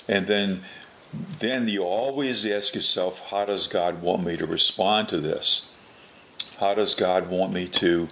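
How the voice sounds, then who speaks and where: Low, gravelly male preacher. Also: a bit bright. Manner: unhurried, repeats and restarts words. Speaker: Catholic preacher. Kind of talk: spoken religious teaching.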